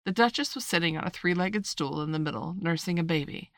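Kobieta o niskim głosie czytająca bajkę równym, spokojnym tempem, nagrana blisko mikrofonu, bardzo sucho, bez pogłosu. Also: female voice, lowish voice, a little fast, no echo, studio quality. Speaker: narrator. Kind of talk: audiobook reading.

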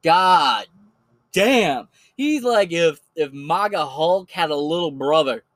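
A man's voice: a little high, animated, a little slow, no echo. A man talking casually and profanely as he rambles through recommendations of online creators. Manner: rambling, profane, laid-back. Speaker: channel host recommending creators. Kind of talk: casual solo commentary.

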